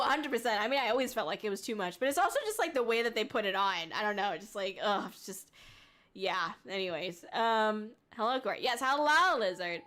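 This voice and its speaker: A woman's voice: medium pitch, a bit bright. A young adult woman VTuber streaming, chatting casually and reading chat aloud, giggling often and rambling with fillers.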